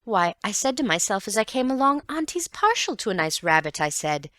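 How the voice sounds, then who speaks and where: A woman's voice: mid-range voice, sing-song, a little fast, a bit bright, no room sound, studio quality, voice pushed up. A woman voicing a gossipy, self-assured young maid in an audiobook reading, with a sing-song lilt.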